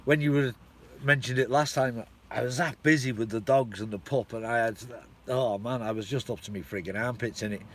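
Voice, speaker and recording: A man's voice: medium pitch, a little fast, a bit bright, slight background noise. A man hosting a casual live stream, chatting informally with viewers and swearing freely. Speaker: channel host.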